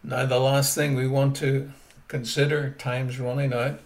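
A man preaching a sermon emphatically, repeating key phrases and swinging between loud rises and quiet drops. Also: medium pitch, flat delivery, measured pace.

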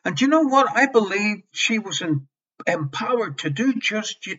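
Male preacher, fairly high and bright voice, slow and impassioned, repeats phrases, lo-fi sermon recording. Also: animated, husky. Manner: impassioned, swinging between loud emphasis and soft near-whispers; repeats key phrases for emphasis. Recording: slightly dull lo-fi sermon recording.

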